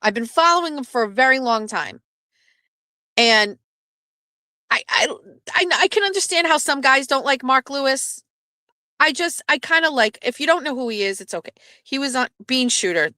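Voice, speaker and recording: A woman's voice: high voice, normal speed, dry recording, clean studio sound. A woman hosting a casual live stream, telling a story with swearing and acted-out quotes. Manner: animated, swearing, acts out quoted voices. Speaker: host.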